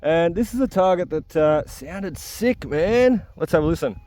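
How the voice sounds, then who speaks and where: Out in the bush with his metal detector, the host of a detecting channel narrates and talks directly to viewers. He sounds animated, on the high side and dark in tone, speaking at normal speed, with a little hiss or hum in the recording.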